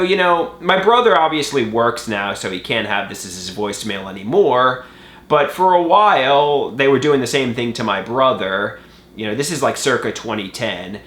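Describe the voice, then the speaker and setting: A man telling a funny story to his viewers in an animated, exaggerated way. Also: medium pitch, moderate pace. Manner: animated, exaggerated, switching into mocking voices. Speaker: vlogger. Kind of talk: casual storytelling monologue. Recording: roomy echo.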